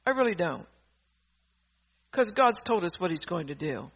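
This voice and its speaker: In a dull lo-fi recording, a woman with a fairly low, husky voice preaches at a moderate pace, her pitch swinging widely. Her sermon is fervent and emphatic, and she keeps laughing partway through sentences and restarting them in a rambling way.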